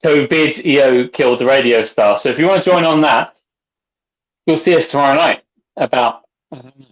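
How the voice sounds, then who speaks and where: A tipsy man co-hosting a casual livestream chat, rambling and loud as he drinks. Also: mid-range voice, moderate pace. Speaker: co-host. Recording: dull lo-fi video call audio.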